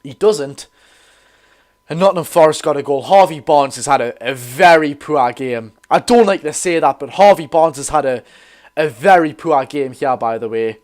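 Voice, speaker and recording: At an ordinary pace and a little high in pitch, a man with a Geordie accent offers chatty commentary during a live football watch-along. Along the way he corrects himself and greets his viewers.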